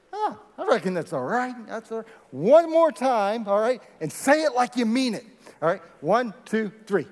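A man preaching a sermon to a large congregation, lively and rallying, leading them in call and response. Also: high-pitched, moderate pace. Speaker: pastor. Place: large church hall. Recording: echoey hall with long reverb.

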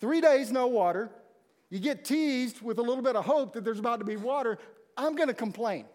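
A man's voice: very high-pitched, brisk. A man preaching a conversational sermon and acting out the people in the story. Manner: conversational, animated storytelling with acted-out quotes. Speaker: pastor. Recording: long hall reverb.

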